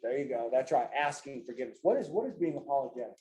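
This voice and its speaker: A man's voice: mid-range voice, expressive, fast talker, warm tone, echoey room. A man teaching a Bible study class in a loose, folksy way, often tagging his sentences with "man" and "right?". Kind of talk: casual teaching with personal stories. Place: church classroom with a group.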